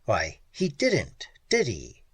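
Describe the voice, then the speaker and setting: An audiobook reader voicing a blunt, practical young man explorer who talks plainly and a bit gruffly. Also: lowish voice, huge pitch swings, slow pace, no room sound, voice pushed down, full character voice. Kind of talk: audiobook character voice.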